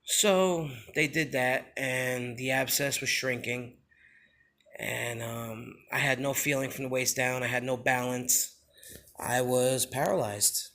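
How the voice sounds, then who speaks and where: A young father telling a personal story in a confessional vlog, emotional and halting, with many pauses and fillers. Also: medium pitch, steady tone, bright, forceful tone. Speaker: father sharing his injury story.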